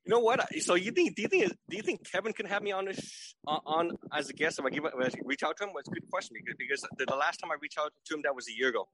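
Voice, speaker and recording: A man's voice: a little high, animated, rapid-fire, few pauses, a bit bright, rough recording. A man in his forties, a podcast guest, who stammers, repeats his words and keeps asking "right?" for agreement. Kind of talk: casual remote chat.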